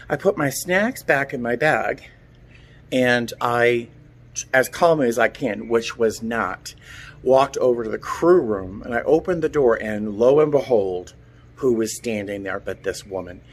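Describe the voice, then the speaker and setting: Chatty middle-aged man telling a story. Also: mid-range voice. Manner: chatty, animated storyteller acting out quotes. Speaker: vlogger. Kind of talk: casual storytelling vlog. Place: outdoors at home, feeding cats.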